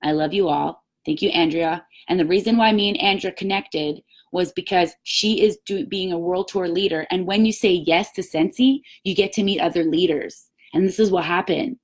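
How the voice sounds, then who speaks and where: A woman's voice: fairly low pitch, normal speed, few pauses. A woman giving a live-streamed sales coaching talk as team leader, emphatic and upbeat, acting out little quoted chats. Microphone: webcam or phone, live stream.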